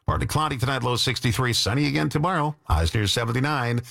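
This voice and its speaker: A man's voice: mid-range voice, fast, vocal fry, fairly bright tone, no echo, studio quality. A man working as a radio DJ, chatting casually on air with joking asides between songs. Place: radio studio.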